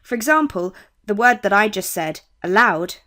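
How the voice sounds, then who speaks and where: A young woman with a British accent, tutoring on poetry in a clear, measured way. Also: medium pitch, lively intonation, fairly bright tone. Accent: British English. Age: young adult. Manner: clear, measured teaching with quoted lines read slowly. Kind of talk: explaining poetry terms.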